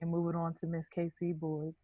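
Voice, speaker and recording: Woman, lowish voice, brisk, dry close sound. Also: monotone, warm tone, dry recording, muffled recording. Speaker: panelist, school media specialist. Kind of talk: panel self-introduction.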